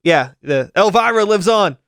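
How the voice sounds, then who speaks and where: A man's voice: high-pitched, expressive, normal speed, fairly bright tone, no room sound, clean studio sound. A man from hosting a podcast, talking in a rambling, casual way with lots of fillers. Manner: rambling, filler-heavy, upbeat sing-song outro. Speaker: podcast host. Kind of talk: casual interview chat.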